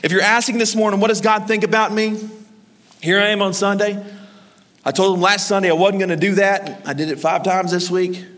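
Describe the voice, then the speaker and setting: A man preaching a sermon as pastor, energetic and urging the congregation to answer back. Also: sits high, fairly quick. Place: large church hall. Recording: reverberant church hall.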